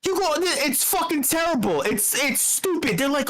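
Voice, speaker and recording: A woman's voice: sits high, animated, normal speed, few pauses, fairly bright tone, poor audio. Woman ranting and swearing in voice chat. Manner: blunt, swearing, repeats herself when fired up. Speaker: speaker at a community meetup. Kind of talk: heated profane rant in a voice chat. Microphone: online voice channel.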